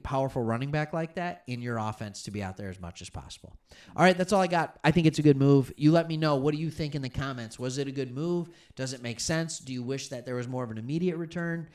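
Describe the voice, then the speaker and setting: Animated man hosting a sports talk show. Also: on the high side. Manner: animated, emphatic, addresses viewers directly. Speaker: sports commentary host. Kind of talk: solo sports talk commentary.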